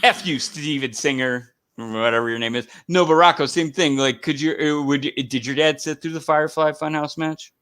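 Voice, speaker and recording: Guy hosting a chat show, bright voice, rambly and animated. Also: a little high. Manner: rambling, animated, quick asides. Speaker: podcast host. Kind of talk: casual chat.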